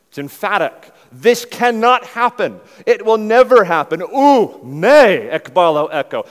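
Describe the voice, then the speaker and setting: A pastor preaching a sermon earnestly and emphatically, rising to loud insistence and dropping to hushed pleading. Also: male voice, fairly high pitch. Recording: long hall reverb.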